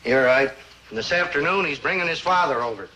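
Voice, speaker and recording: Brief: tight-fisted sitcom father, middle-aged, grumbling, slightly high and sharp. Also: expressive, fairly quick, slight background noise, rough recording. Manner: complaining, gruff. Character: grumbling penny-pinching middle-aged dad. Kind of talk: 1960s sitcom acting.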